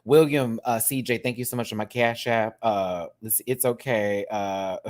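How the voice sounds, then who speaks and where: A man's voice: on the low side, fairly even intonation, normal speed, a little mellow. A man who performs in drag, giving a sassy, slangy rant reviewing a reality show and thanking his viewers. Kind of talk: casual reaction rant.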